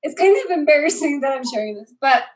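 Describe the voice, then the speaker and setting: A woman's voice: high-pitched, expressive, fast, noisy background. A mother chatting casually, telling stories with lots of laughter. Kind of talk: casual chat among mothers.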